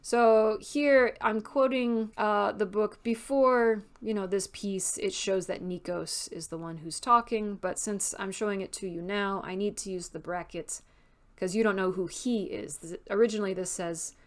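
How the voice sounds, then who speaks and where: A woman's voice: medium pitch, fairly even intonation, a little slow. A woman author giving a casual writing tutorial, explaining step by step and reading example sentences aloud.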